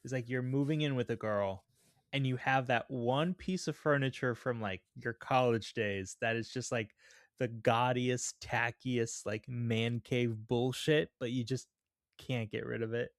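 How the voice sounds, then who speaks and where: A man talking casually on a podcast at a middle pitch. He is chatty and quick to laugh, and often restarts his sentences. The sound is close and dry. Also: fairly even intonation, dry recording. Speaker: podcast co-host. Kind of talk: casual film chat.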